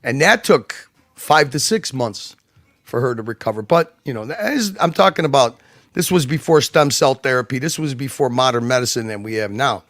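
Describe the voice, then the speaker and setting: A man's voice: medium pitch, expressive, normal speed, fairly bright tone, no room sound, clean studio sound. A man talking as a guest on a livestream, rambling and emphatic, with many restarts and asides. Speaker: guest commentator. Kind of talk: casual livestream chat.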